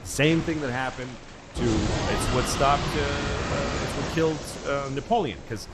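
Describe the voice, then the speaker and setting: A man hosting a comedy podcast, telling stories in a rambling, animated, profane way. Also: medium pitch, measured pace, over loud music. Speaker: podcast host. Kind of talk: casual comedy podcast storytelling. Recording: noisy podcast recording.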